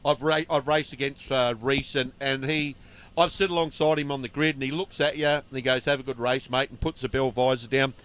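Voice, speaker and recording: A man, a former racer, giving chatty, excitable co-commentary on kart racing. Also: medium pitch, brisk, clean tone. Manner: excitable, chatty, says mate a lot. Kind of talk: live motorsport commentary.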